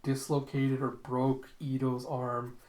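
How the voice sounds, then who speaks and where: A man's voice: mid-range voice, monotone, slow, a little mellow. A man casually recapping a comic, in a loose, rambling way full of fillers. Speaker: manga recap host. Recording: roomy echo.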